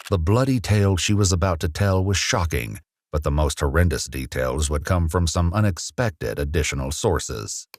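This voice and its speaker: A man narrating a true-crime story in an even, scripted storytelling delivery. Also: low voice, moderate pace, no room sound, clean studio sound.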